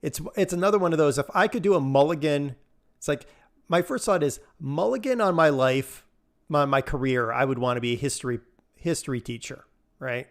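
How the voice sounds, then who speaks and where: A man's voice: a little high, brisk. Male streamer, casual live chat while gaming, rambling and laughing a lot. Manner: rambling, chatty, laughs often, answers chat.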